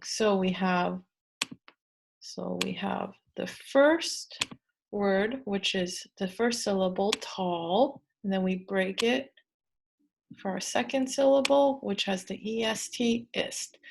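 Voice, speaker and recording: A woman's voice: medium pitch, vocal fry, slight background noise. A woman teacher giving a spelling lesson to young children, patient, repeating words and checking in with "okay" again and again.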